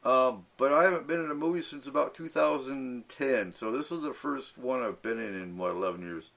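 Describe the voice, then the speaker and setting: On his radio talk show, a man swaps anecdotes in casual conversation, imitating quoted voices, laughing frequently and using plenty of fillers. He has a gravelly, fairly bright mid-range voice and talks a little fast.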